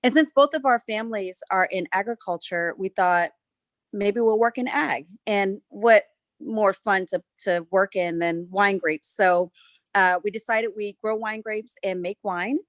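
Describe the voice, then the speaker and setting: A woman from South Carolina with a Southern accent, a winery owner chatting through a virtual tour with relaxed, friendly storytelling. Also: medium pitch, a little slow, no echo. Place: winery tasting room.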